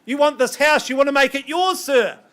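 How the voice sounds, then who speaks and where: A man working as an auctioneer, calling bids in a brisk, coaxing patter with banter, his voice strained and getting worn. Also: very high voice, a bit bright. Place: auction room.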